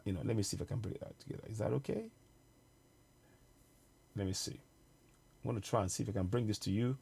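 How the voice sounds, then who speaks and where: A man hosting a political livestream, his voice pitched around the middle for a man. He hammers his points with repeated phrases and talks straight to the viewers. Every so often he breaks off to fumble with a clip on his screen. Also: vocal fry, warm tone. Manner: urgent, repetitive, addresses viewers directly; pauses to fumble with on-screen media. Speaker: online show host.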